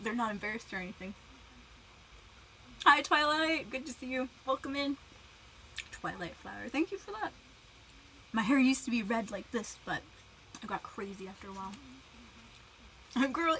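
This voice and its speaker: A woman's voice: medium pitch, a bit bright, slight background noise, rough recording. A young woman livestreaming in casual chat, giggling, greeting viewers by name and talking while eating.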